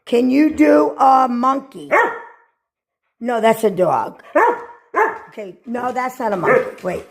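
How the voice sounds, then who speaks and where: A woman's voice: a little high, takes it slowly, gravelly. A woman talking playfully to her pet dog, coaxing and praising it. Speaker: pet owner. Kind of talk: casual talk to a pet.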